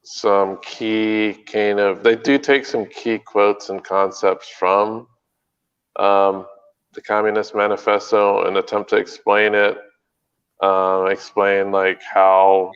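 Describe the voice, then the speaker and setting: A podcast co-host chats casually, rambling and hesitating with lots of fillers. His voice is lowish, clear and resonant, but the recording is muffled.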